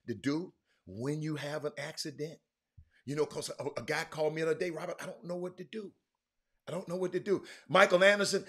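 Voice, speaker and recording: Animated rambling male talk host. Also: fairly high pitch. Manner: loose, rambling, animated with many restarts. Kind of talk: casual livestream sports talk.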